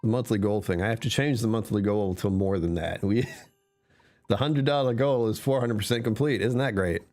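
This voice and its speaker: A man's voice: fairly low pitch, measured pace, darkish tone, faint music behind. A man streamer chatting casually with his live chat, answering comments and laughing often.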